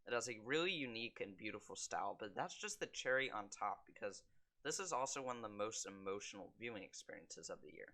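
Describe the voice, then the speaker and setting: A young man reviewing films in a casual monologue, with quick wry asides and deadpan jokes. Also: lowish voice. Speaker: film vlogger.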